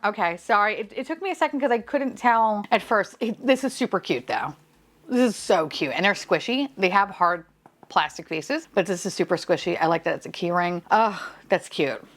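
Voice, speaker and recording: A woman with a mid-range, slightly bright voice unboxes blind-box toys for her vlog, keeping the chat casual and playful. Along the way she swears, laughs, and slips into whispers.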